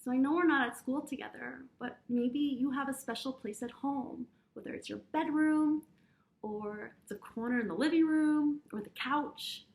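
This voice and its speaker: A young adult woman, a teacher, giving young children a gentle, encouraging lesson with breathing exercises and speaking straight to them. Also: high voice, moderate pace. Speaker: preschool teacher.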